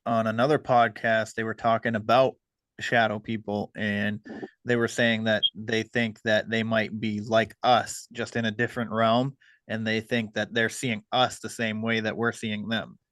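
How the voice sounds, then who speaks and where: A man hosting a podcast, talking casually and hesitantly with many pauses. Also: fairly low pitch, level tone, fairly bright tone, no room sound. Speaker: podcast host.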